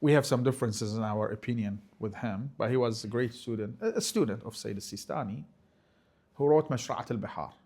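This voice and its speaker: A man giving a religious lecture, talking emphatically and sometimes rising to forceful scolding, with Arabic phrases mixed in. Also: medium pitch, brisk, slightly rough. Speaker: religious teacher.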